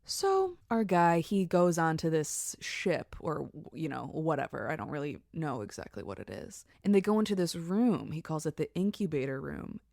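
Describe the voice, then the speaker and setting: A woman's voice: deep voice, very animated, moderate pace, vocal fry, few pauses, a little mellow, no room sound, clean studio sound. A woman co-hosting a podcast in casual chat, reacting and chiming in with short comments. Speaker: podcast co-host.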